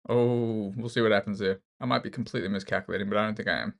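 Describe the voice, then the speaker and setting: A man's voice: on the low side, fairly even intonation, very fast, vocal fry. A man with an Australian accent thinking aloud as he plays chess, joking and poking fun at himself. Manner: jokey, thinks aloud, self-mocking. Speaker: chess streamer. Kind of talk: casual commentary while playing online chess.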